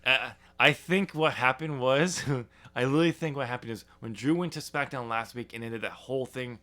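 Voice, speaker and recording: A man's voice: medium pitch, a little fast, sharp tone. A man co-hosting a casual wrestling podcast, teasing his partner and rambling with plenty of fillers. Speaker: podcast co-host.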